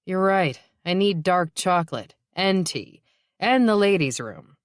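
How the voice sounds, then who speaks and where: A woman's voice: fairly low pitch, lively intonation, measured pace, clean tone, no echo, clean studio sound. A woman reading a blunt, weary woman detective. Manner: blunt, wisecracking. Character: tired veteran woman police detective.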